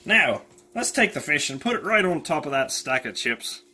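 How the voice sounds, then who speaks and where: A man co-hosting a jokey home cooking demonstration, talking in a deliberately bad fake Irish accent. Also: fairly high pitch, sing-song, pushed and bright, slight background noise. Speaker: cooking show co-host. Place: home kitchen.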